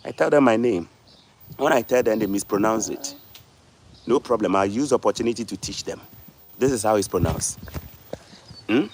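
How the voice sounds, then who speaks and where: A man's voice: lowish voice, moderate pace, long pauses, a little hiss or hum. A man, hosting a casual livestream and lecturing his viewers, repeating words for stress. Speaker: livestream host.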